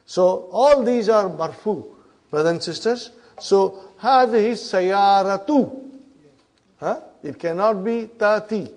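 A man teaching an Arabic grammar class, coaxing students through exercises, repeating their answers and teasing them gently. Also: high voice, moderate pace. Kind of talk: classroom lesson.

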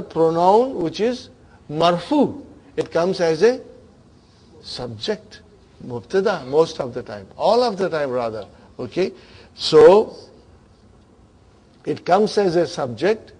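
A man's voice: fairly high pitch, very animated, slow pace, pauses often, a little mellow, breathy edge. A man teaching a grammar class, questioning his students and checking in with them often.

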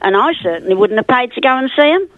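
A woman's voice: on the high side, very animated, fast, no echo. Elderly woman caller, stubborn and emphatic, muffled phone line. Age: 80s. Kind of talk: phone-in chat.

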